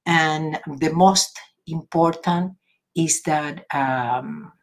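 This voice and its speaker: Argentinian woman, unhurried livestream chat. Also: deep voice. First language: Spanish. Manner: laughs often, chatty, earnest and encouraging. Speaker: livestream host. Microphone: device camera or phone.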